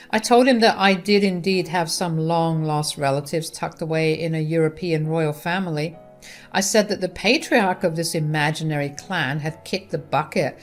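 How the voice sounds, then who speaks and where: Wry woman narrating a revenge story. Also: lowish voice. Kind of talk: first-person story narration. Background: faint guitar music.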